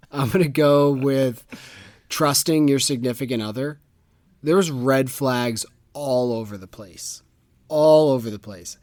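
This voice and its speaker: A man's voice: mid-range voice, slow pace, long pauses, darkish tone, no echo, studio quality. A man co-hosting a book podcast in casual chat, ranting with exasperated sarcasm. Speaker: podcast co-host.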